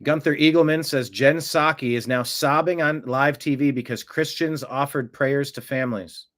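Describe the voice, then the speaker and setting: A man runs a political reaction stream in his everyday voice, neither high nor low. He is combative and sarcastic. He talks back to the clips he plays. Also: fairly even intonation, normal speed, a bit bright. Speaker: political commentary host. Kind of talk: livestream reaction commentary.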